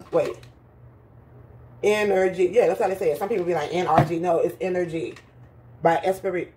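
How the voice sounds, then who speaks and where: A woman vlogging casually from her patio and home, chatty and quick to laugh at her own jokes, her voice slightly rough. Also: on the low side, mellow, a little hiss or hum. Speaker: lifestyle vlogger. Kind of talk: casual vlog chat to viewers. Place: home patio then indoors.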